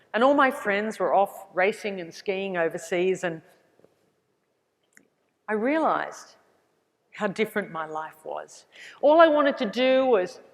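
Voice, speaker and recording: A middle-aged woman with an Australian accent gives an inspirational keynote, telling her story with acted-out dialogue. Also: medium pitch. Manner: animated storyteller acting out dialogue with laughs. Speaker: keynote speaker. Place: large hall. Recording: hall with long reverb.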